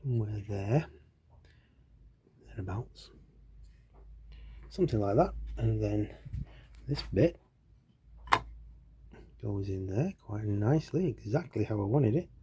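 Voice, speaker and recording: Male, husky low voice, casual workshop vlogger who thinks aloud. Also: animated, slow, long pauses, mellow. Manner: chatty, self-deprecating, thinking aloud while working. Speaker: guitar-building vlogger.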